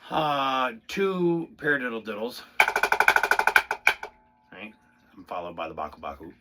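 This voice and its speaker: A very animated man with a mid-range voice speaks at a measured pace while loud music plays behind him. The drummer loosely and profanely talks through rudiments, drifting around and halting to count beats aloud, as a drum pad is played in the background.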